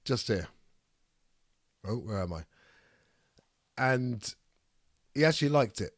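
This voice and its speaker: A man with a raspy voice from a cold, chatting casually on a live stream and reading chat aloud. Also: mid-range voice, lively intonation, takes it slowly, dry recording, studio quality. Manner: reads chat aloud, rambling and swearing. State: ill with a cold, raspy throat. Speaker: streamer hosting a debate.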